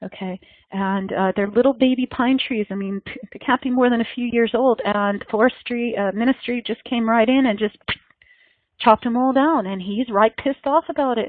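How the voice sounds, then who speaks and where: A woman's voice: on the high side, a little fast, dry recording. A woman leading a meditation gathering, speaking in an earnest, flowing way that often repeats and restarts phrases. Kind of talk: meditative spiritual talk. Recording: dry, tinny phone-like sound.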